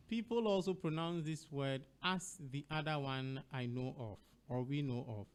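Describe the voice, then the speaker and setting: On an educational radio program, a male host with a Ghanaian English accent talks in a smooth, mid-range voice. He's slow and deliberate, spelling out words one letter at a time.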